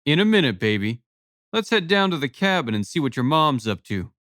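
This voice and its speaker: A brash, boastful father ribs his friend in a loud, raised voice, as a man reading an audiobook plays him. His sarcasm is boisterous and the sound is dry and close. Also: fairly high pitch, big pitch swings, brisk, no echo.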